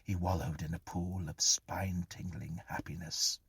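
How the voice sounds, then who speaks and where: A man narrating a horror story in a hushed, breathy, half-whispered delivery. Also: sits low, steady tone, moderate pace, dry recording.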